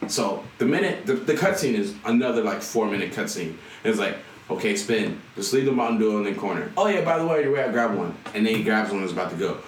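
A man co-hosting a casual gaming chat, telling stories animatedly and acting out characters. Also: fast. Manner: animated storytelling, acting out characters with big pitch jumps. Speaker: podcast co-host. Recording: echoey room, mic at a distance, faint noise.

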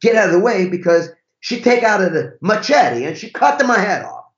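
A man's voice: high voice, very animated, normal speed, pitched above the performer's own voice. A long-married older Italian cab driver with a thick, overdone Italian accent and a voice pushed well above the speaker's own, as a man puts him on. He talks in a wry, chuckling way. The sound is roomy and a little dull. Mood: rueful. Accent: Italian, exaggerated put-on.

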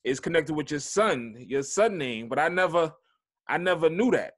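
A man interviewing a guest, asking questions in a halting way full of fillers. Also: a little high, animated. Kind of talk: casual interview.

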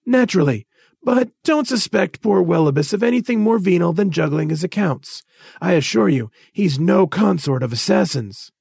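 A man's voice: high-pitched, expressive, moderate pace, vocal fry, a little mellow, husky, no echo, studio quality, pitched above the performer's own voice, exaggerated voice. A man voicing a testy, evasive male spaceport official in a read-aloud story, with an offhand manner. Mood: dismissive.

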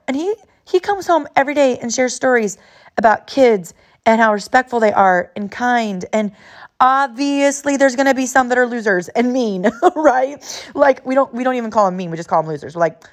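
A woman's voice: fairly high pitch, animated, normal speed. A woman in her thirties from California, hosting a podcast and telling an emotional personal story in an earnest way, often repeating herself. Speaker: podcast host.

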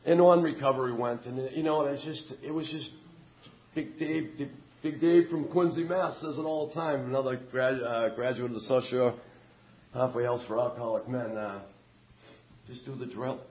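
A man's voice: mid-range voice, fairly even intonation, moderate pace. Middle-aged man, frank and wry, speaking in a meeting hall on a dull recording. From Massachusetts, USA. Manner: candid and self-mocking. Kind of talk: personal story at a meeting.

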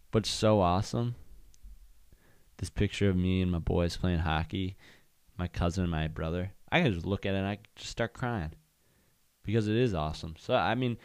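A man's voice: sits low, a little mellow, dry recording, studio quality. A young man hosting a podcast, chatting casually and candidly on his own, rambling with lots of fillers. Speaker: podcast host. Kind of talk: casual solo chat.

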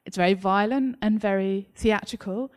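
An English woman author, speaking in an animated interview conversation and often breaking into laughter as she tells stories. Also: medium pitch, normal speed, smooth. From England. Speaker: author guest. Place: library talk.

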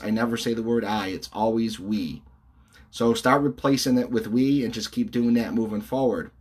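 Blunt, husky-voiced male leadership coach. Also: mid-range voice. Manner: blunt, emphatic, addresses viewers directly. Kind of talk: motivational talk to camera.

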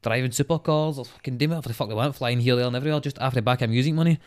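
A man's voice: medium pitch, rapid-fire. A young Glaswegian man, a rapper guest, talking casually and animatedly with lots of swearing. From Scotland. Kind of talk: casual chat.

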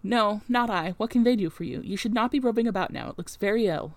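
A woman voicing a blunt, suspicious old female servant who scolds in a rustic dialect, a little higher and louder than her own reading voice. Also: quick pace, dry recording, natural voice.

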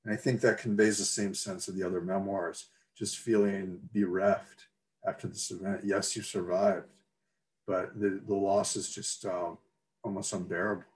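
A man gives a reflective academic lecture in a lowish voice. He talks in a measured way, with occasional fillers as he gathers his thoughts. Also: flat delivery, a little mellow. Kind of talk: academic talk with read excerpts.

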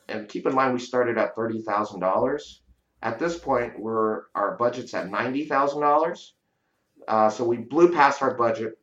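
A man's voice: mid-range voice, fairly bright tone. A man telling a story in a casual interview, talking conversationally and often adding "you know" and "right?". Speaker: real estate investor guest. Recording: dull lo-fi audio in a roomy space.

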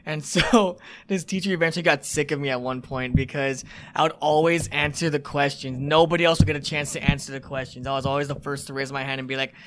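Animated young man telling stories. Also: a little high, fast talker, slight background noise. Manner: loud, animated storyteller who swears and shouts in bursts. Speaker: podcast co-host. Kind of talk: casual chat.

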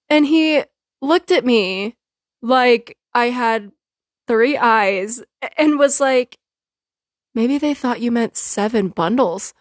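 A woman hosting a podcast, telling a funny story in a casual, animated way and often laughing. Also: fairly high pitch, takes it slowly, no room sound, studio quality. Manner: animated, laughing often, quotes herself and others. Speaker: podcast host.

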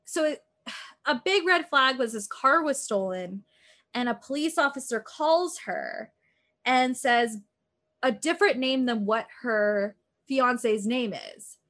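Her voice is high-pitched and a bit bright, and she talks at a slow pace. Chatting as a podcast co-host, this woman rambles through a true-crime story, saying "like" constantly and performing the quotes.

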